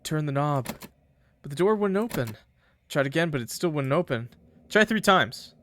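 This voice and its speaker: A man's animated, somewhat high and bright voice reads a game's text in first person on his stream at a moderate pace. A little hiss or hum is audible, and he keeps interrupting himself with joking asides to viewers.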